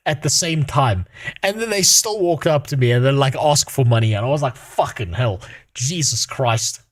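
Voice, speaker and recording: A man's voice: medium pitch, lively intonation, moderate pace. A man chatting on a stream with a sore throat. He rants and swears constantly. His voice swings widely up and down as he talks. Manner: swears often, rants animatedly. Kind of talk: casual reaction stream chat.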